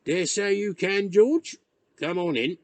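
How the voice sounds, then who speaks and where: A man doing a gruff old countryman. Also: high voice, slow pace, darkish tone, no echo, voice pushed up. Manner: rural dialect, terse. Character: gruff elderly countryman, curt and grudging.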